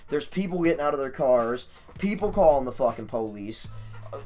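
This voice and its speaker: A man streaming, telling a story casually in a profane, animated, rambling way. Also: medium pitch, moderate pace, faint music behind.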